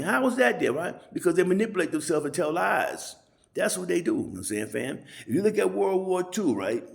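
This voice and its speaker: Casting note: man in a loose, rambling on-camera rant, a bit high-pitched with a gravelly edge, salty language. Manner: rambling, profane, keeps asking "you know what I'm saying". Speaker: channel host. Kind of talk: casual ranting monologue.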